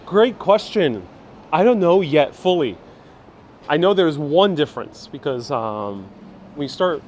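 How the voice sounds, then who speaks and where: Man, travel vlogger, live-streaming on a phone while walking, chatty replies to chat, light street noise. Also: on the high side. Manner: chatty, answers viewers' questions as he walks. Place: outdoors on a busy old-town street. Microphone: phone held while walking. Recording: faint street noise and traffic.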